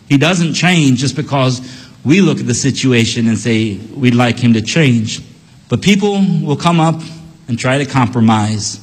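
A man's voice: on the high side, slightly rough, big-room sound. A man preaching a sermon in an earnest, emphatic way, repeating key phrases and telling a story.

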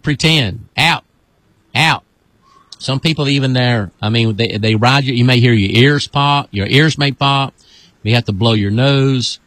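Commanding pastor in a dry room. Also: male voice, fairly bright tone, dry recording. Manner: commanding, repetitive, with high whoops. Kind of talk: deliverance prayer.

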